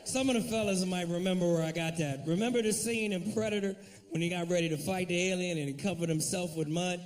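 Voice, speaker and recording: A man's voice: sits high, fast, far from the mic. A man doing a profane, brash stand-up set, jumping in and out of acted-out voices. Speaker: stand-up comedian.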